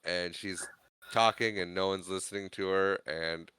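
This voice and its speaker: A man co-hosting a podcast, recapping a movie in casual chat, laughing often and slipping into quick character voices. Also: low-pitched, fairly even intonation, pushed and bright, smooth, no room sound. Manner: chatty, laughs often, does quick character voices while retelling scenes. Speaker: podcast co-host.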